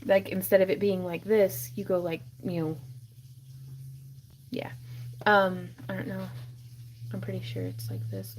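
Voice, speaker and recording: Hosting a crafting livestream from her craft room, a woman chats casually and thinks aloud as she works, using lots of fillers. Her voice sits fairly low, and there's a slight hiss or hum in the audio.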